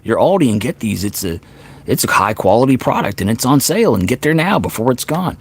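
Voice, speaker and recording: A man's voice: medium pitch, big pitch swings, a little fast, slightly rough. A man voicing an overexcited product promoter who urges listeners in a breathless hard sell. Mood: hyped.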